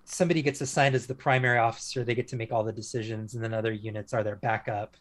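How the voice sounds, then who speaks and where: Speaking in a low-leaning, steady voice, this man is an ex-police officer being interviewed. He recounts a story casually but haltingly, frequently restarting and leaning on fillers.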